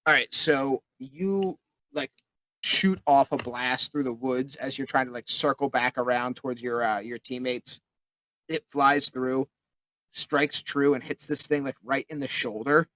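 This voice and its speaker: A man's voice: mid-range voice, steady tone, unhurried, bright, forceful tone, no room sound, poor audio. A man running a tabletop game as its game master. He narrates scenes casually, with plenty of filler words, and the recording is dry and close.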